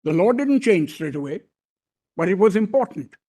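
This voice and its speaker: An older man, giving a formal courtroom argument as a senior advocate, deferential and measured, addressing the bench as "my lord" over and over. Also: high voice, very animated, warm tone. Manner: formal and deferential, repeatedly saying "my lord", with pauses and restarts.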